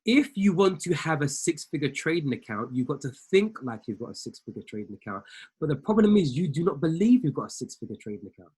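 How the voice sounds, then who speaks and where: A man's voice: a little high, sing-song, fast talker, darkish tone, slightly rough. A man who coaches traders, giving a motivational talk to a group in a preacher-like way, repeating lines for emphasis and speaking straight to his listeners. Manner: exhorting, talks straight to listeners. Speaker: trading coach.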